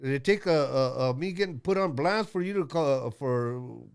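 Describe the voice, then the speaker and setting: A man's voice: mid-range voice, expressive, moderate pace, gravelly, clear, resonant tone. A man in his sixties telling a rambling story as a guest, blunt and profane, with lots of fillers and restarts. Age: 60s.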